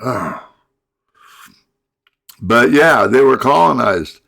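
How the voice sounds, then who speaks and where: A middle-aged man in a rambling monologue rant, halting and repeating his words, breaking into sighs and angry outbursts. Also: mid-range voice, lively intonation, gravelly, pushed and bright. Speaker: vlogger.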